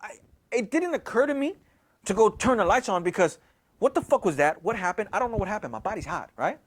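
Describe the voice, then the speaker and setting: A young man with a high voice casually tells a story at a brisk clip, packing it with slang and swearing. His retelling is animated, and he keeps repeating himself.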